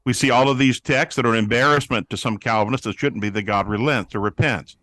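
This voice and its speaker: A man speaking as a guest on a talk show about prayer, explaining scripture in an animated preaching manner and acting out quoted voices. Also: mid-range voice, fast, no echo. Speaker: guest, pastor-author on prayer. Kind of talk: teaching interview answer.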